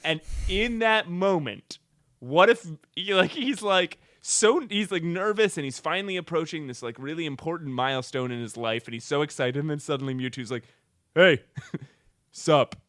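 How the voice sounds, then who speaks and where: A man co-hosting a comedy podcast, talking in an animated, rambling way and laughing often. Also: a little high, moderate pace, no room sound, studio quality. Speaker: podcast co-host.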